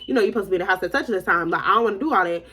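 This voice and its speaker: A young woman vlogger telling a story in a casual, animated way, acting out the other people in it. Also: medium pitch, very fast, slight background noise. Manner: animated, acts out quoted voices.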